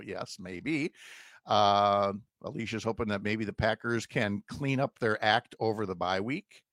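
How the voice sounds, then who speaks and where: A man's voice: lowish voice, a little slow, no room sound. Chatty male radio host, dry studio sound. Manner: relaxed, chatty, self-deprecating with laughs. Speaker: radio talk show host. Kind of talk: casual morning radio chat.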